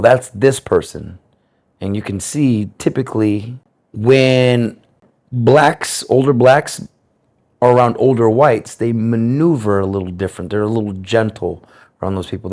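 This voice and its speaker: Speaking in an interview about his life, an American man sounds reflective and earnest, pronouncing his words with care and clarity. His voice is lowish and a little mellow.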